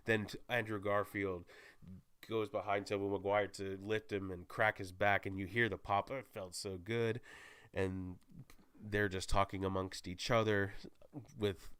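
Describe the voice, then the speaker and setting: Smooth-voiced excitable man recapping a film. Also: on the low side, a little slow, dry recording. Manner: excited, rambling, corrects himself mid-sentence. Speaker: movie reviewer. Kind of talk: casual spoiler recap.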